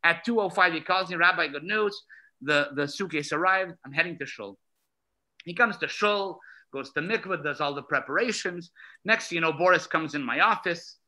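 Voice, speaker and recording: Bright-voiced man telling a story. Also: a little high, normal speed, low-quality recording. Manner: lively storyteller, acts out dialogue, emphatic. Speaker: emissary rabbi. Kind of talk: storytelling talk at a gathering. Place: synagogue gathering hall.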